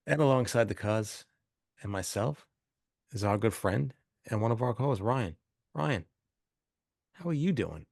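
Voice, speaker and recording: A man's voice: fairly low pitch, animated, a little slow, vocal fry, long pauses, darkish tone, no room sound, clean studio sound. A man hosting a casual movie podcast, joking around as he reads the intro credits. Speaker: podcast host.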